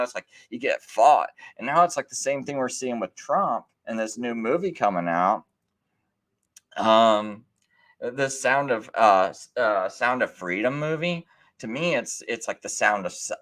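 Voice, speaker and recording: A man's voice: mid-range voice, fairly bright tone. A middle-aged man hosting a live stream, talking in a rambling, casual way with many fillers and restarts, often acting out what other people said. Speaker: livestream host.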